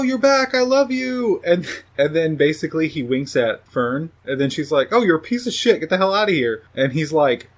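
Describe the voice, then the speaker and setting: A man recapping a film plot for his review podcast, casual and profane, now and then mimicking characters in a higher voice.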